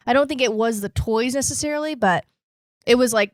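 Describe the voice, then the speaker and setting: A woman's voice: a little high, a little fast, dry recording, studio quality. A woman co-hosting a podcast in casual chat, gushing and filling her talk with "like". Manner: gushing, lots of "like". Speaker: podcast co-host.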